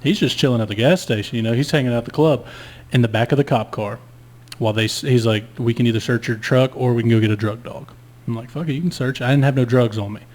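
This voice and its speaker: A man's voice: mid-range voice, quick pace, darkish tone. A man telling a long story in casual podcast chat, laid-back and profane. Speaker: guest storyteller.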